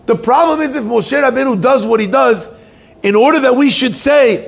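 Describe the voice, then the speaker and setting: A rabbi tells a story from the pulpit in a high, gravelly voice that swings widely in pitch. The voice has a husky edge. He keeps turning to his listeners with questions. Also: a little fast. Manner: animated storyteller who asks the listeners questions. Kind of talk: storytelling sermon.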